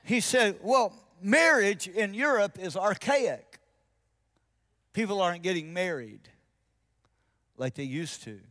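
A man, a pastor preaching a sermon and telling a story, acting out both sides of a conversation and dropping to soft, intense tones for his key points. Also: high-pitched, lively intonation, takes it slowly, pauses often.

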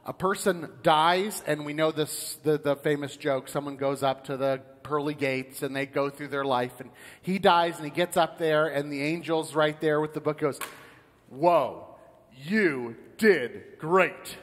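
Man, pastor, sermon, high-pitched, storytelling, long church reverb. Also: normal speed. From United States. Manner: storytelling, animated, acts out characters in a joke. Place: church sanctuary.

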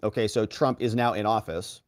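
A man's voice: lowish voice, normal speed, no echo, clean studio sound. A man hosting legal commentary, retelling court testimony in a casual, sarcastic way and acting out the quotes. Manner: animated, sarcastic, acts out quotes in voices.

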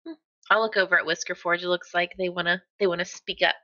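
A woman's voice: fairly low pitch, steady tone, fast, sharp tone, muffled recording. A woman playing a tabletop role-playing game, describing her character animatedly. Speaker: player.

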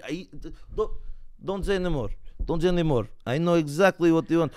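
A Northern Irish man on a podcast, telling a story in a breathless, animated, swearing way, acting out the people in it. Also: a little high, fast talker. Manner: animated, swearing, breathless retelling with quoted voices. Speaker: podcast co-host. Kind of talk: casual storytelling chat.

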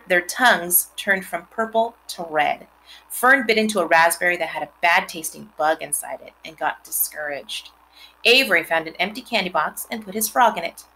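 A woman reading a children's novel aloud, expressive, with chatty asides to her listeners. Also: fairly low pitch, a little hiss or hum, rough recording. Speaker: reader.

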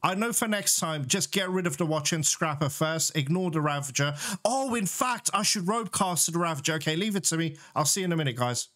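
A man's voice: fairly high pitch, expressive, fairly quick, hardly any pauses, slight background noise. A man narrating his video game playthrough to viewers, cursing and laughing when things go wrong. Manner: talks to viewers, swears and laughs when frustrated. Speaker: video game let's player. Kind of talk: live gameplay commentary. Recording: loud game sounds under the voice.

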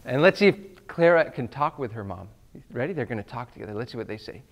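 A man's voice: medium pitch, expressive, fast, noisy background. A man hosting a children's music show, coaxing kids to repeat lines after him in a call-and-response lesson. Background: instruments playing.

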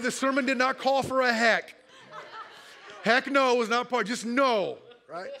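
A man's voice: sits high, bright, forceful tone. A pastor preaching a sermon to his congregation in church, joking and laughing as he goes and acting out quoted speech in other voices. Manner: joking and playful, often laughing.

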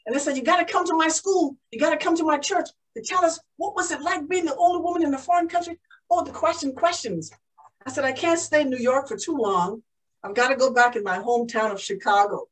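A woman's voice: sits high, recorded from a distance, low-quality recording. A woman playing a proud, emotional young woman aviator in a first-person living-history monologue. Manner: exclaiming, breathless with joy. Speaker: historical portrayal performer.

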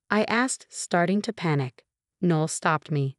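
A woman giving scripted narration of a personal story in an even, steady manner. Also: sits low, measured pace, dry recording, studio quality.

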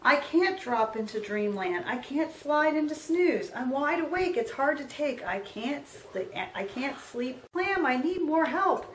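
A woman reading aloud, voicing a sleepless storybook creature who complains in quiet, sing-song rhymes. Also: high-pitched, lively intonation, measured pace, hardly any pauses, reverberant, slight background noise. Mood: fretful. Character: wide-awake sleepless storybook creature, whiny.

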